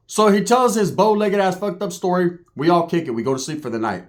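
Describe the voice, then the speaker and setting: A man's voice: high voice, very animated, fairly quick. A man telling a profane, comic story in casual talk, tagging his lines with "right?". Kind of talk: comedic storytelling.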